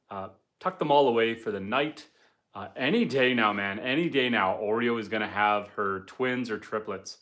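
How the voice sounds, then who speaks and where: A man's voice: mid-range voice, fairly bright tone. A man hosting a homestead livestream from home by the fire, chatting easygoingly and reading out viewer comments. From Canada. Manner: easygoing, chatty, with frequent ums and uhs. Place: indoors at home by a wood stove fire.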